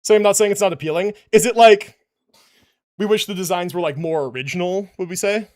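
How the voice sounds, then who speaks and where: A young livestreamer with a high voice talks fairly quickly to his live chat from a room at home, breathless after push-ups. His casual rambling is full of restarts and fillers, and he sometimes moves away from his desk mic.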